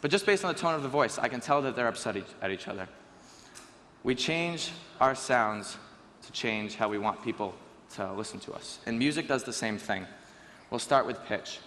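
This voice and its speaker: A teenage boy giving a lively, joking talk on stage to a school audience. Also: mid-range voice, normal speed, slight background noise. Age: teens. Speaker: student speaker. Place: school auditorium. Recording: reverberant hall with faint ambience.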